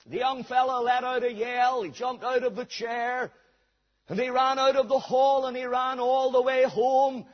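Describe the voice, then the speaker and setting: Male preacher, sermon, high voice, husky, long hall reverb, dull lo-fi recording. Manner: reads scripture aloud then tells a story.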